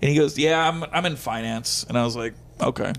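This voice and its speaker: A man casually telling an animated stand-up story, acting out quotes and using lots of fillers. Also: mid-range voice, brisk, a little hiss or hum. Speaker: guest comedian.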